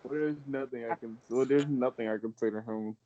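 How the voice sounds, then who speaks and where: A man's voice: mid-range voice, steady tone, fairly quick, warm tone, lo-fi sound. A young man playing in a tabletop game, often exasperated and laughing, swearing casually. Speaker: player.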